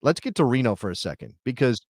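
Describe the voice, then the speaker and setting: A middle-aged man co-hosting a soccer talk show, chatting casually and thinking out loud with rhetorical questions. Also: mid-range voice, big pitch swings, fast, no echo, clean studio sound. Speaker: soccer podcast co-host. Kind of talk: casual chat.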